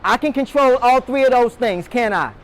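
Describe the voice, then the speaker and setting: A man's voice: extremely high pitch, normal speed. A man giving a motivational talk to a room of door-to-door salespeople, quizzing them and calling on them to answer. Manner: energetic, calls on the audience, quizzes the room. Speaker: motivational speaker. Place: meeting room with a live audience.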